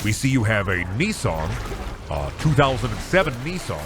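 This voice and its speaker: A man putting on a smooth, slick car-warranty telemarketer with a sales patter. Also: on the low side, sing-song, moderate pace, music in the background, voice pushed down.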